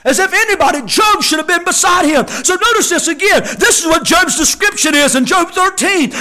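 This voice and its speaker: A man preaching a sermon, acting out quotes and shouting key lines for emphasis. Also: very high voice, very animated, brisk, hardly any pauses. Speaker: pastor.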